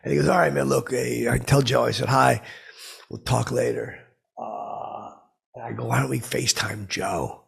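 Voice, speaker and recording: A clueless, self-important braggart, as a man puts him on for a comedic monologue, his voice gravelly and rough with a husky, raspy edge. He rambles through his boasts, looping back on himself again and again. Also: mid-range voice, fairly even intonation, moderate pace, exaggerated voice. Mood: rambling boastful. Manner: rambling, self-aggrandizing, repeats "I go". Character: boastful, clueless middle-aged man telling tall tales.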